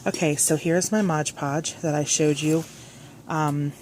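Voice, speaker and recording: Crafting vlogger, woman, low pitch, rambling and self-correcting, phone mic with faint hiss. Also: steady tone, measured pace, darkish tone. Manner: chatty, scattered, self-correcting. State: a little out of breath at the start. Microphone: phone clipped on, hands-free.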